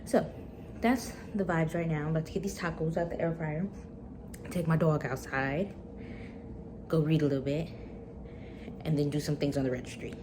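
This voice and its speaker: A woman's voice: deep voice, steady tone, moderate pace, long pauses, background noise. A young woman vlogging casually at home about books and her day. She sounds chatty and upbeat and fills her talk with "like" and "um". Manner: chatty and upbeat, with frequent fillers. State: pregnant. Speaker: book vlogger. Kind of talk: casual vlog chat.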